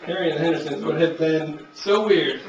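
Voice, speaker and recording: A young man works through a stand-up set, rambling easily and jumping into raised character voices. His voice sits high for a man. The recording is muffled and lo-fi, caught from a distance in a roomy club with clear audience noise. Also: fairly quick. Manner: laid-back rambling delivery, acts out characters in raised voices. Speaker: stand-up comedian. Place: comedy club stage. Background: audience laughter.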